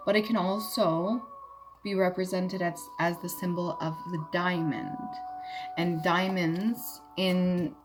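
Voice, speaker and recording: A young adult woman telling a personal story casually, blunt and candid, swearing freely. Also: lowish voice. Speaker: vlogger. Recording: music playing behind.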